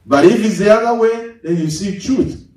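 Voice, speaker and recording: A man preaching a sermon as pastor, swinging his pitch sharply and mimicking congregants. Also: moderate pace, a little mellow. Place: large church hall. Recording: echoey hall, mic at a distance.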